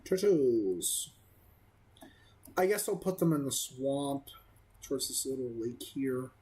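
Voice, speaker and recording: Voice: medium pitch, lively intonation, slow, warm tone, rough recording. A gaming video creator giving casual let's-play commentary, rambling and self-amused, with many fillers.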